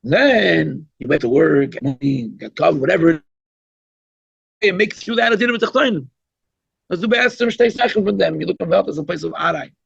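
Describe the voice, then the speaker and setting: A man's voice: on the high side, animated, fairly quick, gravelly, slightly rough, no echo. A man, a rabbi, giving an informal, conversational Chassidic talk at a holiday gathering, emphatic and given to asides. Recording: dull, lo-fi recording.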